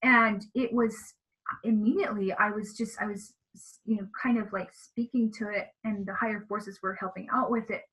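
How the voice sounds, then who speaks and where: A woman with a medium-pitched, slightly bright voice speaks at normal speed with fairly even intonation as an interview guest. In casual conversation, she earnestly and emotionally describes her spiritual experiences. The audio is poor.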